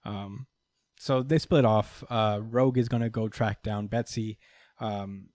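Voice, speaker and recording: A man's voice: fairly low pitch, steady tone, measured pace, a little mellow, no echo. A man hosting a podcast, recapping comic books in a loose, chatty way, swearing freely and laughing between lines. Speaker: podcast host. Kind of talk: casual comic book recap.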